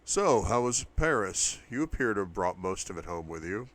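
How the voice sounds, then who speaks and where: A man's voice: lowish voice, very animated, moderate pace, a bit bright. A man voicing a chatty young woman, a bubbly kid sister. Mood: gushing.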